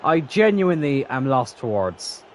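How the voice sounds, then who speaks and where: A young man commentating his own football video game match as a streamer, swinging from calm remarks to frustrated, swearing outbursts. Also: medium pitch, a little slow, slight background noise. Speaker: gaming streamer. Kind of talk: live gameplay commentary.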